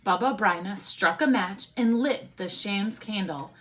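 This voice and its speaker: A woman teacher reading a picture book aloud to children, expressive and often asking the listeners questions. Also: medium pitch, a little slow, a little hiss or hum.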